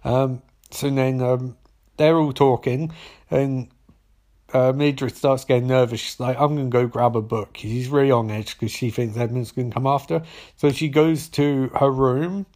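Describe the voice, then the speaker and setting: A man's voice: medium pitch, steady tone, a little slow, darkish tone. A man giving a casual, rambling and sarcastic spoken recap of a TV episode, with plenty of swearing.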